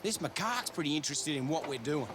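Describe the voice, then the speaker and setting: High, lively man narrating wildlife. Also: quick pace, noisy background. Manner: upbeat, explanatory. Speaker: documentary narrator. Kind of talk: scripted documentary narration.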